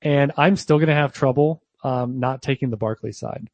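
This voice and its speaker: A man's voice: medium pitch, moderate pace, a little mellow, no room sound. A man co-hosting a fantasy football show, chatting casually with lots of fillers and restarts. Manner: talkative, frequent fillers and restarts. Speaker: podcast co-host.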